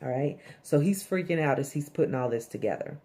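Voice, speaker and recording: A woman with a low, mellow voice walks through a TV episode in casual recap mode. She talks bluntly, swears freely and slips into the characters' lines as she goes. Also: expressive, brisk. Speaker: TV episode reviewer.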